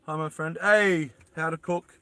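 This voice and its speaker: An Australian man talks casually to a live audience from inside a small van, wandering between thoughts and calling out greetings to viewers. His voice sits a little high and sounds bright and forceful. The sound is close and dry. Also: steady tone, a little slow, smooth, no room sound. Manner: rambling, greets viewers and answers chat aloud. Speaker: live streamer. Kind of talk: casual livestream chat.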